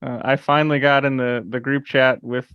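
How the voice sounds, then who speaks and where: A man hosting a casual sports chat, moving the picks along with dry teasing. His voice sits in a middle pitch range. The recording is dry and a little dull, like a lo-fi podcast mic. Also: little pitch movement, moderate pace, smooth, dry recording. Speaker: podcast host.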